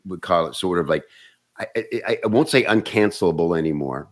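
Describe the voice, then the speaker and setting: Lower-voiced man telling comedy stories. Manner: animated, restarts words often. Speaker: comedian and actor. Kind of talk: casual storytelling chat.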